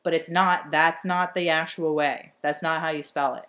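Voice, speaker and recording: Woman, low-pitched, animated, swears freely, casual podcast chat. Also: moderate pace. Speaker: podcast co-host.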